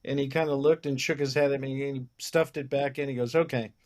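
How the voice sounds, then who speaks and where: Talking fast in a medium-pitched voice, a film producer tells anecdotes during a casual interview. He's animated, acting out the dialogue of the people in his stories.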